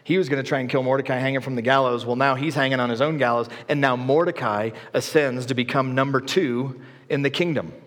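A man preaching a sermon in a church, with a middle-pitched voice and casual, lively storytelling. A long reverb from the hall trails each phrase. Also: fast. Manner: conversational, animated storytelling. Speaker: pastor.

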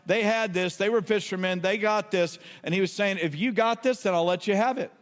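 A man's voice: high-pitched, fairly quick, long reverb tail. A man preaching a sermon as a pastor, impassioned, pleading and exclaiming to his listeners.

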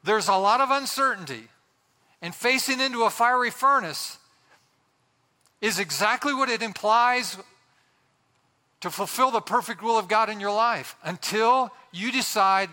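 Man, pastor, high bright voice, impassioned sermon, long church reverb. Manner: impassioned preaching with dramatic pauses.

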